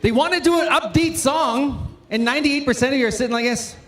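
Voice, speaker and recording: Speaking quickly with a very high, fairly bright voice, this man from Northern Ontario emcees a conference with plenty of energy, cracking jokes and getting the audience going through call-outs. It's recorded in a big conference hall that echoes, with a little room noise underneath.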